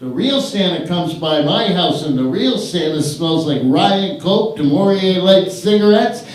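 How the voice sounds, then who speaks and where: A man with a high, animated voice and measured pace hosts an open mic stand-up night from a theater's comedy stage. Crude, rambling and self-mocking, he speaks into a stage microphone, and the live room sounds echoey.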